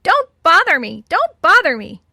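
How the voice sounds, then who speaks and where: A woman's voice: very high voice, huge pitch swings, normal speed, gravelly, bright, forceful tone, no room sound, studio quality, pitched above the performer's own voice, heavily acted. A woman voicing a pet parrot that squawks and repeats the phrases it has heard. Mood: shrill mimicry. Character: shrill mimicking pet parrot.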